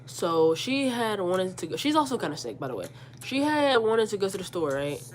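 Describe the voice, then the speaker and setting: A woman's voice: medium pitch, moderate pace, slight background noise. A woman in her forties, sick and stuffed up, animatedly retelling an argument and quoting both sides. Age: 40s. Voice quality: congested. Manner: animated retelling, quotes herself and her mother, repeats words. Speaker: vlogger. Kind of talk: storytime vlog.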